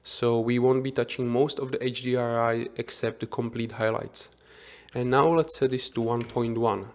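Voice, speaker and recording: A man giving an unscripted software tutorial as instructor, thinking aloud with frequent restarts and self-corrections. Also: mid-range voice, fairly even intonation, moderate pace. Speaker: 3D visualization instructor.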